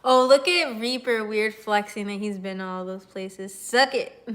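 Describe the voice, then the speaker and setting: A woman's voice: medium pitch, unhurried. A young woman streaming from home, chatting loosely with viewers, laughing often and swearing casually. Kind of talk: casual live-stream chat. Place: her home.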